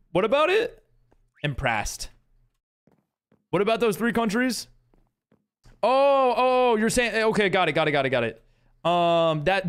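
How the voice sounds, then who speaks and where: A man's voice: high voice, fairly bright tone, smooth. A man streaming a game live, chatting casually with viewers and reading chat aloud in a rambling way full of fillers.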